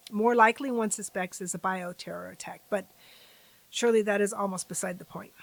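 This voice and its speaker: A woman hosting a civics channel, reading a formal testimony aloud at a deliberate pace and breaking off for chatty asides to her viewers. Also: on the high side, fairly bright tone, rough recording.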